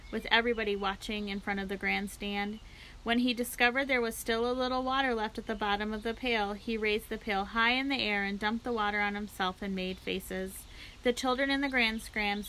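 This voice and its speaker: A woman library storyteller reading a children's book aloud with steady, clear narration. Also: medium pitch, normal speed, a little hiss or hum, poor audio.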